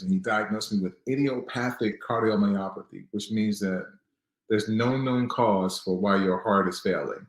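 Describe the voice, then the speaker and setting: A man in his thirties with a fairly low voice tells his personal story earnestly, and he turns defiant when he recalls fighting back. He comes from Newark. The room around him rings with a noticeable echo. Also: moderate pace. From Newark, New Jersey. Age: 30s. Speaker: guest.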